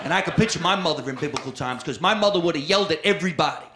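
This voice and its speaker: A man doing stand-up comedy and chatting on stage, animated, jumping to high-pitched bursts when he mimics someone. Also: very fast. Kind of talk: stand-up set and chat. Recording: echoey club with loud crowd noise.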